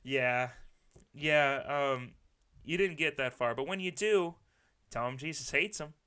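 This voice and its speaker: A man's voice: fairly high pitch, a little slow, sharp tone, clean tone. A man co-hosting a casual comedy podcast, riffing and giggling as he trades jokes. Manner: giggly, riffing, breaks into laughter. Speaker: podcast co-host.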